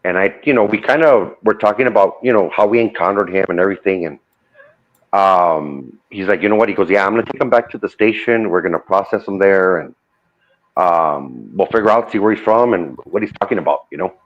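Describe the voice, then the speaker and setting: A man's voice: low-pitched, brisk. A man casually retelling a true ghost story, relaying the dialogue with lots of "I go" and "he goes.". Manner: loose retelling full of "I go" and "he goes". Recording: dull lo-fi audio.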